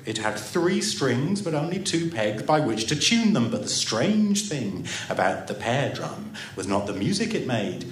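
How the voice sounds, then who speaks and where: A man reading a story aloud on a live stage in an expressive, theatrical way, with the odd dry aside. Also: mid-range voice, a little hiss or hum. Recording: roomy echo.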